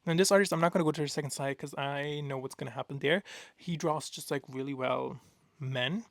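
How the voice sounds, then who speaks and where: A young man chatting casually and excitedly in a vlog, gushing and rambling with lots of fillers. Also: on the high side, brisk, vocal fry, no room sound. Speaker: art vlogger. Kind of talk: casual chat.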